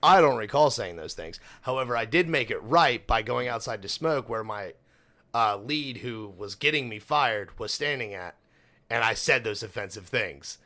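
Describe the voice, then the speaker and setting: A young man co-hosting a casual podcast, spinning a long profane story about his old job. He swears in nearly every sentence and talks loosely, with lots of "like" and restarts. His pitch sits in the middle for a man. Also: lively intonation, moderate pace, bright, forceful tone. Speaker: podcast co-host. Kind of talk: casual chat.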